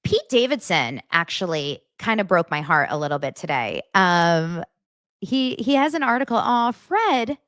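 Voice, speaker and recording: A woman's voice: lowish voice, sing-song, a little slow, a bit bright, no echo, studio quality. A woman hosting a casual gossip podcast, reading viewer comments and laughing and gushing over them.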